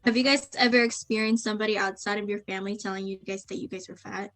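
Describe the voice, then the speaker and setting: A woman's voice: mid-range voice, steady tone, quick pace, a bit bright, soft background music. A young woman co-hosting a podcast, frankly asking the group questions and sharing her own story. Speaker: podcast co-host. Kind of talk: casual chat.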